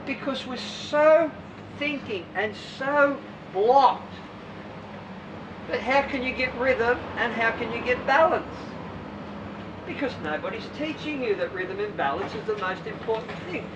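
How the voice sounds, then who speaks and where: A woman's voice: fairly high pitch, lively intonation, a little slow. A woman swim coach, giving a blunt talk to her squad, full of rhetorical questions. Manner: blunt, rhetorical questions, acts out swimmers' voices. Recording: distant mic with vehicle noise behind.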